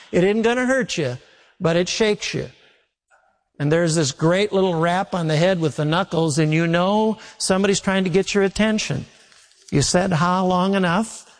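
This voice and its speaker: A man preaching a sermon as pastor, telling homely stories and repeating phrases for emphasis. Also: a little high. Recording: long reverb of a large hall.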